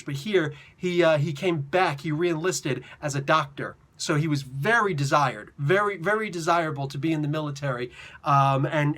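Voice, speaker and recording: A man in his forties reviewing a comic book in an excited, casual way, talking hyper and slangy. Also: a little high.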